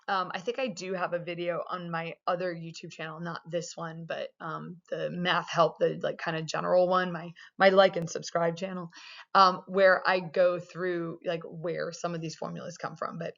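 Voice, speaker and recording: Young woman math teacher, low-pitched, loose and chatty delivery, muffled recording. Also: little pitch movement, moderate pace, gravelly, fairly bright tone. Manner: casual, chatty explaining with many fillers. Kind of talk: recorded video lesson. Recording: dull lo-fi sound.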